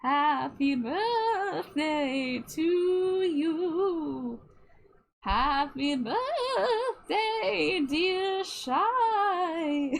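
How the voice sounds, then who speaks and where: A woman's voice: very high-pitched, lively intonation, pitched above the performer's own voice, heavily acted. Woman doing a wobbly out-of-tune ghost. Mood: spooky. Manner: drawn-out wobbly singing. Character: wavering out-of-tune female ghost singer.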